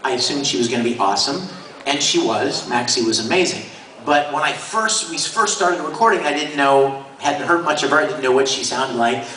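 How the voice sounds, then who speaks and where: A man's voice: mid-range voice, a little fast, sharp tone. A man, a voice actor guest at a convention panel, telling stories to the audience with enthusiasm and frequent laughter. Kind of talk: animated storytelling to an audience. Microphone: handheld camera in the audience. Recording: echoey hall recorded from far off, noisy.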